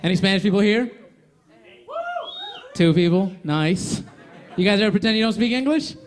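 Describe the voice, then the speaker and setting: A young man performing a stand-up comedy set on a club stage, talking quickly and jumping in and out of put-on voices. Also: sits high. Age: young adult. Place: comedy club stage before a laughing crowd. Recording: live club crowd laughter behind.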